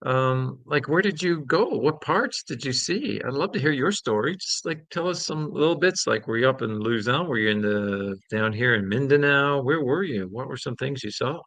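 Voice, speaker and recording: A man's voice: mid-range voice, lively intonation, normal speed, hardly any pauses, fairly bright tone, no room sound. A man hosting a casual live-stream chat, reading viewer comments aloud and laughing. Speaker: podcast host.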